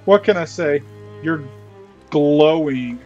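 A man's voice: on the high side, slow, a little mellow, highs cut off, faint music behind. A man playing a game with his wife, chatting casually, goofy and teasing and laughing often. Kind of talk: casual gameplay chat.

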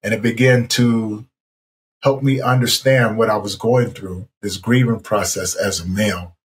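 A man's voice: on the low side, steady tone, unhurried, a little hiss or hum. Earnest man telling his story. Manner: earnest, emphatic, repeats himself for stress. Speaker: podcast guest. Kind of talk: personal storytelling in conversation.

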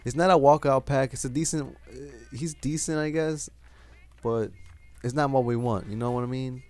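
A man's voice: mid-range voice, moderate pace, a little mellow. A man hosting a gaming channel, giving casual commentary, frustrated and swearing as he grumbles about bad luck.

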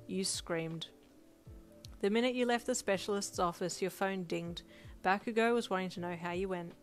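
A woman reading a second-person fan fiction story in an even, steady way. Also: mid-range voice, moderate pace. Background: faint music.

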